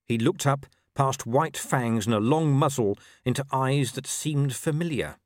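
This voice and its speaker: A man narrating an audiobook in an expressive, wry storytelling manner. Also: medium pitch, measured pace, no room sound, studio quality. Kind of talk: scripted narration.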